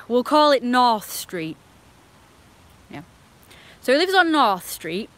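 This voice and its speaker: A woman's voice: mid-range voice, a bit bright. A young woman on a live stream, telling a rambling, indignant story and swearing freely.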